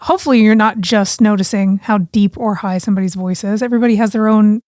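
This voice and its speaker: A woman's voice: medium pitch, fairly even intonation, fast, a little mellow, no echo, clean studio sound. A woman author co-hosting a podcast in casual, supportive chat. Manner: supportive, frequent backchannel. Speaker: author, co-host.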